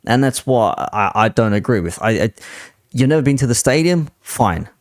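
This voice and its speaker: A man's voice: mid-range voice, lively intonation, normal speed, no room sound, studio quality. Exasperated man doing reaction commentary. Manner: exasperated, swears casually. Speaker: commentary channel host.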